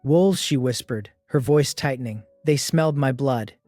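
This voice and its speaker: A man's voice: medium pitch, moderate pace, darkish tone, no room sound, soft background music, lightly acted. A man voicing a fierce, wounded young winged woman warrior who snarls and hisses at strangers. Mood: tense urgent. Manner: snarling, hissing, hostile.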